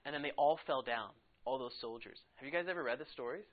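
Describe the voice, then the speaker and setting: A man's voice: medium pitch, fast. Guy teaching bible class, chatty, laughs a lot, sounds tinny like a phone line. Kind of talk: casual Bible lesson to a class.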